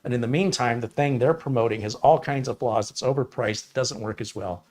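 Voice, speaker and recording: A Michigan man in his fifties, a computer technician, casually answers viewers on a livestream, wry and opinionated with sarcastic asides. His voice is medium-pitched and darkish, moving a little fast.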